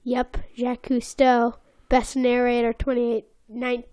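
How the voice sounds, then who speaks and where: A woman's voice: a little high, monotone, unhurried, warm tone, clean tone. A woman co-hosting a casual podcast, playfully teasing and retelling cartoon scenes in detail. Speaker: podcast co-host. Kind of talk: casual episode recap chat.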